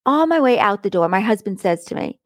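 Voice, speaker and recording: A woman's voice: mid-range voice, a little fast, no room sound. Woman, middle-aged, podcast host, chatty, blunt, dry close mic. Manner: chatty, laughs often, blunt and animated. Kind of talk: casual storytelling monologue.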